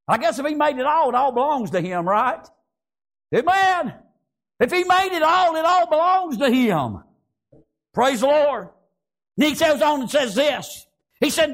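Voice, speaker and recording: A man preaching a fervent sermon, his voice pitched very high. A gravelly rasp runs through his words. He keeps throwing out "praise God" and calls for an amen. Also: lively intonation, moderate pace, fairly bright tone. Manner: fervent, repeats praise phrases and call-and-response "Amen?".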